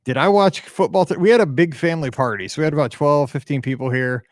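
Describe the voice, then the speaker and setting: A podcast host runs a live call-in show, his voice on the high side and quick, recorded cleanly in a studio with no room sound. He chats casually and upbeat, greeting viewers one at a time, though he sounds tired and hums and mutters to himself between remarks.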